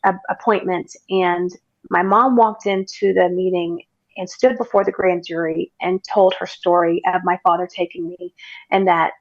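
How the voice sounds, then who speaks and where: A woman's voice: fairly low pitch, steady tone, normal speed, dry recording, lo-fi sound. A woman guest recounting her story as a testimony, earnest and emphatic, repeating phrases for weight. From United States.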